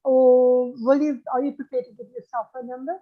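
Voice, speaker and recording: A woman's voice: high-pitched, little pitch movement, moderate pace. A woman hosting a family ministry show, eagerly asking questions and recapping what the guest said. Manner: eager, asks strings of questions. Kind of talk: interviewer wrapping up with a recap. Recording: dull lo-fi audio.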